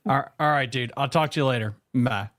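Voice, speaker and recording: Male podcast host from Maryland, mid-pitched, relaxed and easygoing, laughs a lot. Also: brisk. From Prince George's County, Maryland. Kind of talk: casual podcast chat.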